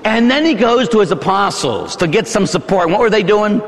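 A man, a Catholic priest, preaching a dramatic sermon that swings from hushed to shouting, in a church. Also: sits high, expressive, normal speed, in a large hall.

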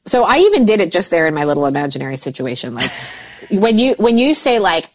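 A woman in her forties talks as a mindset coach, her pitch leaping up and down as she acts out her own thoughts. She chats casually and laughs often. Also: very animated, fast talker, faint music behind. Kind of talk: casual podcast chat.

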